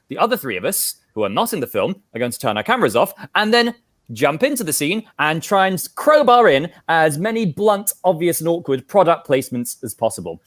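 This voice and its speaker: Man explaining an improv game, lively. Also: a little high. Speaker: improv performer.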